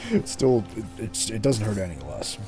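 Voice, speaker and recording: A man's voice: lowish voice, very animated, normal speed. A man streaming a game, talking casually with some swearing and reading the story aloud. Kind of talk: gaming stream commentary and reading. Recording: background game music.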